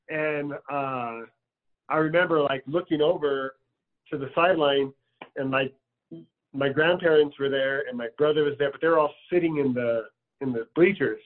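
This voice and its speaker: A man recounts a personal memory in an easy, rambling way, full of fillers. His voice sits a little high. The sound is thin and tinny, as if heard over a phone line. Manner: loose and conversational, many fillers. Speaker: storyteller. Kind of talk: personal storytelling.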